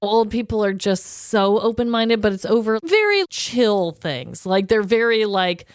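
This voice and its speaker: Podcast co-host, woman, animated and giggly, middle pitch, crisp voice. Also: measured pace, no room sound, clean studio sound. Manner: animated, laughs often, acts out quotes. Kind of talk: casual chat.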